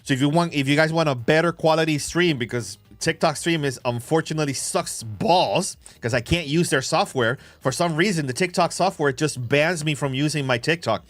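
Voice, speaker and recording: A man hosts a casual livestream from his phone, his voice sitting a little high for a man. He talks excitably, swears freely and fires off quick shout-outs to viewers. The sound is dry and close, with faint music underneath. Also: no echo. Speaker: crypto livestream host.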